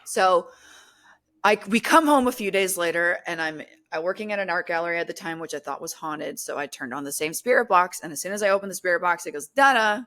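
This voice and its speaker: A young woman telling a story in casual podcast chat, animated, acting out quotes with lots of fillers. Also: fairly low pitch, fast talker. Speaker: guest, paranormal content creator.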